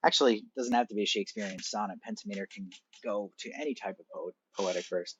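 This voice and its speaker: Man, teacher, husky, lively intonation, conversational explaining, dull lo-fi recording. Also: medium pitch, no room sound. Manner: conversational, explanatory, addresses students directly. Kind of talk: screen-recorded assignment walkthrough.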